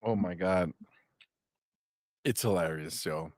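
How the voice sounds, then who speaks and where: A man's voice: sits low, slow pace, a little mellow, no echo, studio quality. A man co-hosting a gaming podcast in casual, heated banter, swearing freely and talking animatedly.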